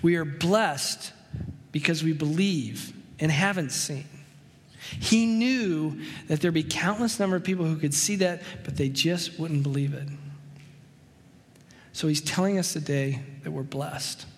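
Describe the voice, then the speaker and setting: A pastor speaks to his congregation in a conversational sermon style, with a slightly higher pitch than most men. He slows right down to stress key words. His voice rings with the long reverb of a church hall. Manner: conversational preaching with anecdotes, slows for emphasis.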